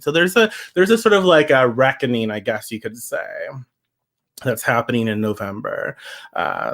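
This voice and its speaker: A man's voice: mid-range voice, a bit bright. A man giving a casual livestream tarot reading, chatty and emphatic, reacting to viewer comments as he goes. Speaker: tarot reader.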